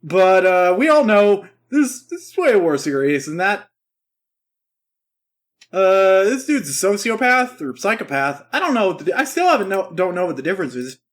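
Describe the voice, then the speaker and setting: A man with a high voice co-hosts a casual review podcast. He sounds excitable and swears freely. His volume swings between loud bursts and quiet asides. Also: normal speed. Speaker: podcast co-host reviewing an anime. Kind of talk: casual comedic review chat.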